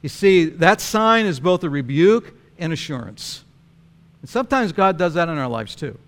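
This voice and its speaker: A male pastor preaches an animated, story-driven sermon, chuckling often. His voice is somewhat high for a man, and he keeps a moderate pace.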